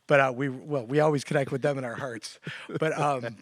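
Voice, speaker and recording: A man chatting casually on a church talk show, telling stories with animated quoted lines. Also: a little fast. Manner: animated storyteller, quotes others with raised pitch. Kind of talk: casual conversation.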